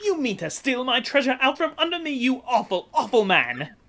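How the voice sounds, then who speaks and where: A woman's voice: high voice, sing-song, normal speed, fairly bright tone, voice pushed up, heavily acted. A woman voicing a flamboyant, vain, wealthy male sea trader for a game playthrough, speaking in grand theatrical exclamations. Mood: excited. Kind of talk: voicing game dialogue for a let's play.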